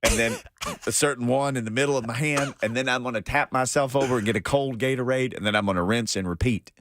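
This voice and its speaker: A man's voice: medium pitch, quick pace, noisy background. A man co-hosting a sports radio show, talking casually and playing along with his partner's jokes. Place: radio studio.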